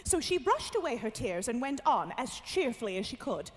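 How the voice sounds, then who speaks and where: Animated high-voiced woman storyteller. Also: moderate pace. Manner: expressive, animated reading. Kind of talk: storybook narration. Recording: long hall reverb, music behind.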